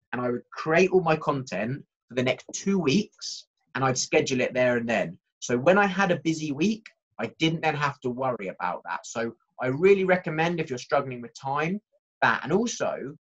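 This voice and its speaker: Lively man presenting a workshop, muffled sound. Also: on the high side. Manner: lively, conversational, talks straight to the audience.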